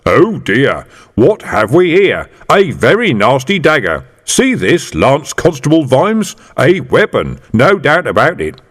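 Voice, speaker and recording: A man doing a streetwise middle-aged police sergeant, dry and mock-official, his pitch swinging lively. The voice carries a long, roomy reverb. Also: unhurried. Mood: mock-formal. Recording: reverberant room.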